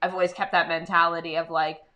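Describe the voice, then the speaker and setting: A young woman co-hosts a casual podcast chat. Her voice is bright and forceful, and her stories tumble out full of swearing and animation. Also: on the low side, fast. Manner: profane, animated storytelling. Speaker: podcast co-host.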